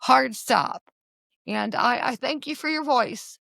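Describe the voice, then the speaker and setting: A woman in her forties hosts a podcast conversation, her voice high and bright with a gravelly fry running through it. She speaks earnestly and with passion, pressing her points with emphatic appeals. The sound is dry and close, with no room around it. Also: moderate pace, dry recording. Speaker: podcast host.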